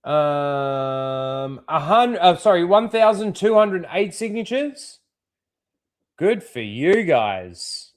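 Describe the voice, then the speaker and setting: A man's voice: fairly high pitch, sing-song, slow pace. A man hosting a casual commentary show, scornful and heavy on swearing, often rising into angry rants. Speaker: commentary channel host.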